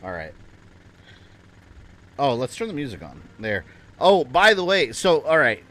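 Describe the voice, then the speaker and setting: A man's voice: mid-range voice, wildly swooping pitch, measured pace, fairly bright tone, slight background noise. A man chatting casually at his home desk while livestreaming a game, rambling and joking at his own expense. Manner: chatty, rambling, self-deprecating. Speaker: game streamer.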